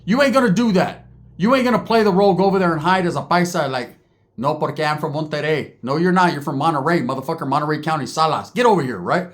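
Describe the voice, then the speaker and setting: A man's voice: fairly high pitch, animated. A man telling prison stories in casual, profane slang, dropping in Spanish words and acting out other people's lines. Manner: acts out other people's lines in quick voices. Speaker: storyteller recounting prison life. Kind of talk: casual storytelling.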